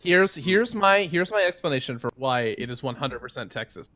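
A man's voice: on the high side, expressive, pushed and bright, dry recording. A man co-hosting a casual podcast, loose and joking, swearing freely. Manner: loose, swearing, quick to joke.

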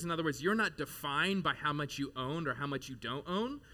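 Pastor guy in his 30s preaching in church, bright voice, kinda high, chatty asides. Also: fairly quick, few pauses. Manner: conversational, animated, with casual asides. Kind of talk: sermon.

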